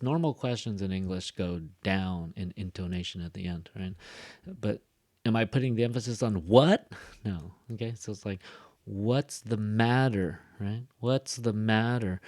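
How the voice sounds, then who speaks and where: Casual Californian male teacher, lower voice, talks loosely with lots of fillers, dry close sound. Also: no room sound. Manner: relaxed and rambling, with many fillers and asides. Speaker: ESL teacher. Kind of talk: casual recorded lecture.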